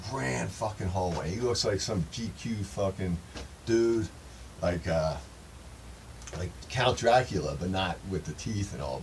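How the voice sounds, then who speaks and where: A man telling a rambling first-person story to his viewers, emphatic and profane, often calling them folks. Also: lowish voice. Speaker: channel host. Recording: distant mic with faint background noise.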